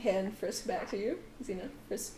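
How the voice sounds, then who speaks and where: A woman's voice: mid-range voice, normal speed, dark tone, roomy sound, slight background noise. A woman narrating as game master of a tabletop game, laughing often as she describes the scene.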